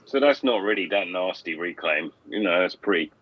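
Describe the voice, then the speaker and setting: A man's voice: low voice, lively intonation, a little fast, breathy edge, highs cut off. A man co-hosting a casual livestream, joining in with enthusiastic, sweary chat.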